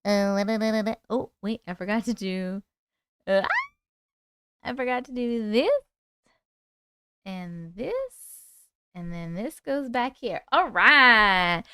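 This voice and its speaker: Hosting a casual live stream, a woman with a New York accent greets chatters by name in a chatty, playful way. Her medium-pitched voice is bright, forceful, clear and resonant, and she talks slowly with long pauses.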